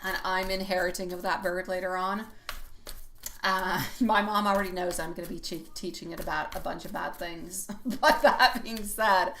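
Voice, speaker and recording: A woman's voice: lowish voice, steady tone, moderate pace, sharp tone, slight background noise. A woman giving a live-streamed tarot reading, chatty and rambling, often laughing as she talks. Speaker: tarot reader.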